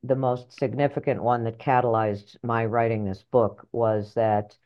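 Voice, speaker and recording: A middle-aged woman author and life coach telling her story in an interview, animated and blunt, acting out voices in her head. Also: a bass voice, unhurried, highs cut off. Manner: animated, acts out inner voices, earthy phrasing.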